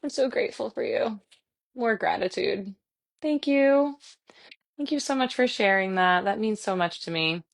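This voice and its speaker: A woman's voice: mid-range voice, moderate pace, gravelly. A young woman wrapping up a live online fitness class, effusive and emotional, reading out comments from attendees. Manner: warm, effusive and gushing, reads chat comments aloud. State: emotional, tearing up. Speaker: fitness instructor. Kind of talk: live virtual class wrap-up.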